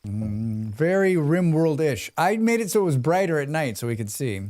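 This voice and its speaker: An American streamer with a fairly high, darkish-toned voice talks casually to his live chat at normal speed while gaming. Very animated, he rambles through asides and reads tutorial text aloud.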